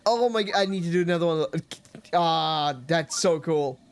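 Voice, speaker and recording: A man's voice: fairly high pitch, normal speed, clear, resonant tone. A man casually commenting while playing a video game, chatty and easily amused, with faint game music behind. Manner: amused, chatty, frequent laughter and fillers. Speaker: let's play gamer.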